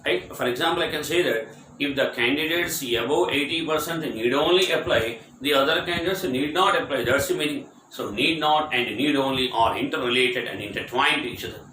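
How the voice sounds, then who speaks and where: In this grammar lecture, a man repeats short example sentences over and over, stressing them hard as he drills English grammar. He speaks a little fast at medium pitch, his tone sharp. The sound comes from a distant microphone in a reverberant room, with a bit of background noise.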